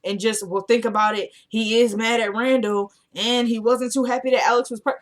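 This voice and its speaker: A woman casually recapping a TV episode, retelling scenes line by line and chatting excitedly with viewers. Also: on the high side, fairly quick. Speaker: TV episode reviewer. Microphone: camera microphone.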